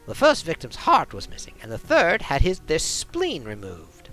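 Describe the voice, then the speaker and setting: A man's voice: a little high, huge pitch swings, normal speed, creaky, fairly bright tone, soft background music, voice pushed up, heavily acted, rough recording. A man voicing a chatty, dryly ironic male dwarf coroner in a game. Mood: wry.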